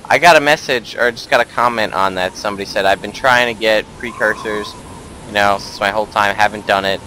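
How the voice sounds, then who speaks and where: A man hosting a casual online game session, excitable and giggly, chatting with friends over voice chat. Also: on the low side, a little fast, slight background noise, poor audio. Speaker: let's play host.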